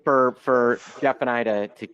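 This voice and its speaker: A man's voice: medium pitch, fairly even intonation, moderate pace, a bit bright, smooth, no room sound, dull audio. A man in his forties from Chicago speaks in an ordinary mid-range voice, loose and chatty as he leads a live trading webinar. He slips in jokes at his own expense. The sound is dry and close, from a computer mic on a video call. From Chicago, United States. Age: 40s. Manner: chatty and joking, loose unscripted delivery. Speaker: guest presenter, options trader.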